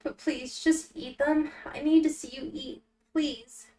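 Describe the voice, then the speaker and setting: A woman voicing a timid young male coworker in a game, stuttering and pleading in a trembling, halting way. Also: high-pitched, steady tone, dark tone, reverberant, recorded from a distance, slight background noise, voice pushed up. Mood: desperate.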